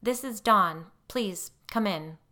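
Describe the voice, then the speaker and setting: A woman's voice: medium pitch, slow, sharp tone, pitched above the performer's own voice. A woman voicing a defensive, anxious middle-aged mother in a story reading. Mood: tense.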